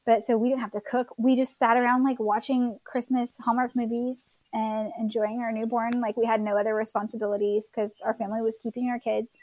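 A woman's voice: on the high side, level tone, a little fast, few pauses, no room sound. Chatty woman telling a birth story. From Florida. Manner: chatty, many fillers and likes, warm storytelling. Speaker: guest mother telling her birth story. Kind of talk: casual conversational storytelling.

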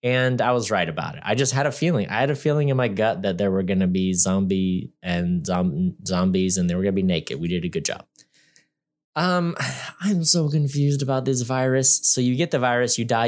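A man co-hosting a podcast, reviewing a movie in casual chat with a sarcastic, rambling manner. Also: medium pitch.

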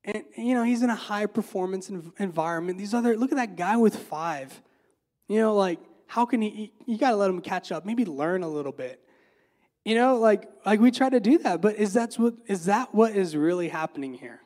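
A man's voice: high-pitched, lively intonation, brisk, a little mellow. A man giving a casual, conversational sermon, full of fillers and repeated words, often asking the listeners rhetorical questions. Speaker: preacher.

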